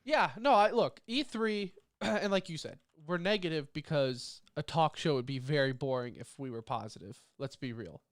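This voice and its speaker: A man's voice: on the high side, moderate pace, no echo, clean studio sound. A man hosting a podcast in a casual chat, his voice a bit nasal from a lingering cough. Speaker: podcast host.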